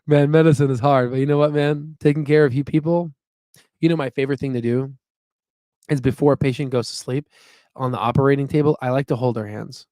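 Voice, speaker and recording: A man's voice: mid-range voice, fairly even intonation, fairly quick, warm tone, dry recording, clean studio sound. A young man hosting a casual investing livestream, rambling and upbeat as he reads out viewer chat. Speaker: stock investing channel host.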